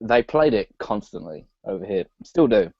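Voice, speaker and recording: A man with a British accent chatting as a guest, his low voice swinging lively up and down. He laughs easily and drops "mate" often. The sound is dry and muffled, like a lo-fi call. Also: normal speed, no room sound. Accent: British English. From Britain. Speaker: guest YouTuber. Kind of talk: casual online chat.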